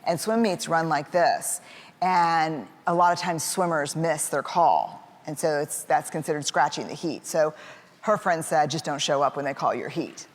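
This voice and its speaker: A woman's voice: low-pitched, normal speed. A woman telling a personal story about her family in a casual, chatty way, with lots of fillers and bits of laughter. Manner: acts out voices of family members in quotes. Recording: echoey hall with faint background noise.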